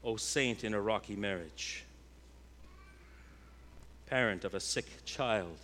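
A pastor preaching a sermon, a man whose delivery swings between loud, emphatic declarations and hushed, intense passages. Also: lowish voice, slow pace, slight background noise.

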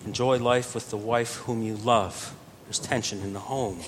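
A man preaching a sermon earnestly, his voice swelling louder on key phrases. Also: fairly even intonation, normal speed. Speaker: pastor. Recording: reverberant church hall with faint rumble.

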